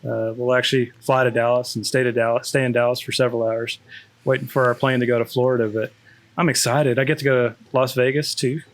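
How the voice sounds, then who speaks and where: A man's voice: mid-range voice, little pitch movement, quick pace. A man, a school district network specialist, chatting casually with many restarts and fillers. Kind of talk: casual chat.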